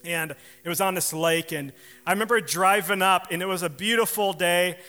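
A man's voice: sits high, normal speed, bright, forceful tone, faint music behind. A man preaching a sermon, telling a personal story with laughs and acted-out quotes. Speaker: pastor.

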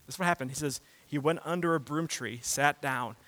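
Bright-voiced man preaching casually. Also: on the high side, brisk. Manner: casual, conversational preaching with slang asides; swings between loud emphatic bursts and quiet reflective stretches. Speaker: pastor. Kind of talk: sermon.

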